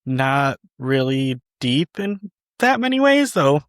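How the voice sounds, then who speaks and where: A man in casual podcast chat, mid-pitched and recorded close with no room sound. He rambles through his thoughts, hedges often, and slips in dry teasing. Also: sing-song, takes it slowly, fairly bright tone, clean tone, dry recording. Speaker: podcast co-host.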